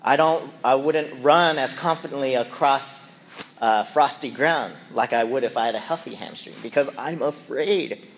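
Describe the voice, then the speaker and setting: A man's voice: mid-range voice, moderate pace, slight background noise. A middle-aged man casually telling a personal story and acting out his own yelps and quoted lines. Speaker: speaker sharing a personal reflection.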